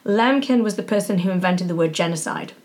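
A woman's voice: lowish voice, animated, fairly quick, a little mellow. A woman from Yorkshire, chatting as a podcast guest and filling her talk with "you know" and "um". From Yorkshire, England. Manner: chatty, many fillers and restarts. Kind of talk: casual interview chat.

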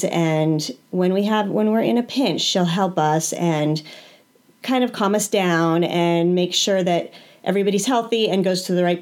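A woman's voice: fairly low pitch, a little mellow. A woman hosting a radio interview, introducing her guest at length with many fillers. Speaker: radio show host.

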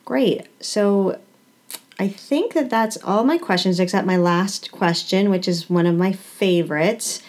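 A woman's voice: mid-range voice, measured pace, darkish tone. Encouraging woman podcast host. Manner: encouraging, frequent affirmations. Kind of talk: casual interview chat.

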